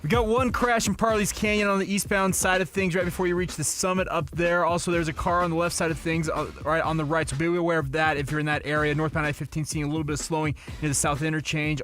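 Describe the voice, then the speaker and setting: A man giving a radio traffic report and reading a sponsor message in a brisk manner. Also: a little high, steady tone, a bit bright, soft background music.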